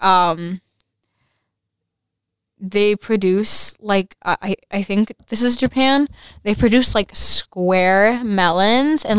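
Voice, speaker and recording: A woman's voice: medium pitch, smooth, no echo. A young woman with a lisp hosting a casual solo podcast, rambling with many fillers and restarts. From United States. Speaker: podcast host.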